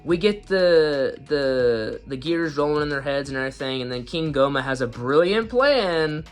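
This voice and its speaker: A man giving a casual, rambling anime episode review in slangy talk, often breaking into high-pitched laughs. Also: lively intonation, moderate pace, smooth, soft background music.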